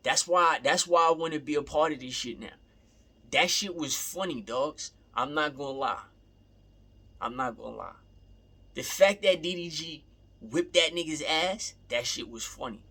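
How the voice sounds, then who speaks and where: A man's voice: on the high side, moderate pace, bright, forceful tone, slightly rough. A young man in a casual, rambling rant, repeating himself and swearing freely. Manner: rambling, repeats himself, profane, laughing asides.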